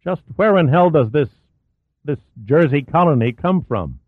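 A tense male space station commander snaps out clipped, forceful orders, as a man reads him aloud. His voice is pitched higher than usual and grows exasperated. The sound is thin and phone-like, with no room echo. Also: lively intonation, moderate pace. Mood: angry. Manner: clipped, forceful, rising to anger. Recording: dry, thin phone-like audio.

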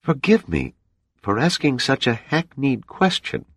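A man's voice: medium pitch, sing-song, a little slow, fairly bright tone, husky, dry recording, clean studio sound, pitched above the performer's own voice, exaggerated voice. A man voicing a dazed young woman.

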